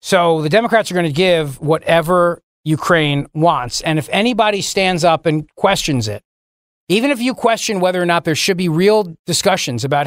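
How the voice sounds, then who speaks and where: A man's voice: sits high, moderate pace, no room sound, studio quality. A man hosting political talk radio who delivers indignant, sarcastic commentary with mocking asides. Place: radio studio. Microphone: studio microphone.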